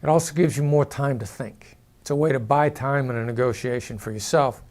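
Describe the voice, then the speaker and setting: A former hostage negotiator giving a measured, explanatory talk to the camera and demonstrating vocal inflections as he goes. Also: medium pitch, a little mellow.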